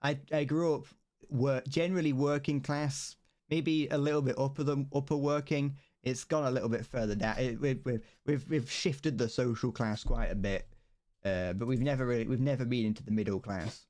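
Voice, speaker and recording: A British streamer builds a model kit on a casual livestream, rambling along with frequent stammered restarts and bursts of laughter. His medium-pitched voice is steady and darkish, at a moderate pace.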